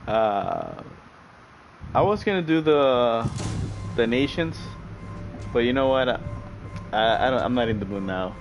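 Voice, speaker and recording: A man's voice: mid-range voice, normal speed, pauses often, over music, low-quality recording. A man streaming sim racing, chatting casually with his viewers, laughing often and repeating himself as he talks.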